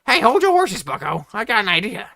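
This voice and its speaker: Guy putting on a loud, hot-headed high school thug, shouty and high-strung, bright edge. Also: animated, fast, creaky, no room sound, exaggerated voice. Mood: cocky. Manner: loud, angry outbursts.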